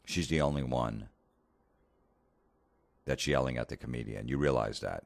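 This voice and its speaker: A comedian hosting a podcast, telling a blunt, profane story in a casual rant. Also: male voice, very deep voice, moderate pace, gravelly.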